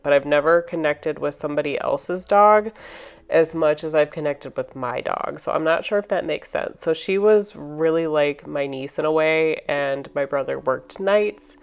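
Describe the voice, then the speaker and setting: Woman doing a voiceover for her painting vid, low voice, halting and emotional, sighs a lot, soft music behind. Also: clean tone. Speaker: painting vlogger.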